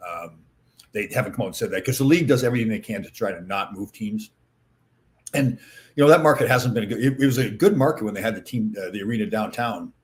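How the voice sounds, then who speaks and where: A man in his sixties, a former hockey player hosting a casual chat, telling rambling stories with many fillers. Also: lowish voice. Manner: rambling anecdotal storytelling with fillers. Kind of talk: casual chat answering viewer comments.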